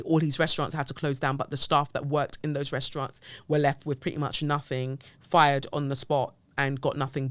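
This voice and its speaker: A woman from London hosting a podcast, talking in a casual, animated, sarcastic way, with mocking voices for her asides. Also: low voice, no room sound, clean studio sound. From England. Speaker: podcast host. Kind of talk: casual commentary.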